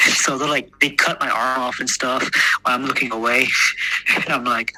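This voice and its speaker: A man's voice: mid-range voice, steady tone, normal speed, long pauses, pushed and bright, no echo, low-quality recording. An American man from Texas, a podcast guest telling a story casually, rambling and swearing, laughing at his own jokes and full of fillers. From Texas, United States.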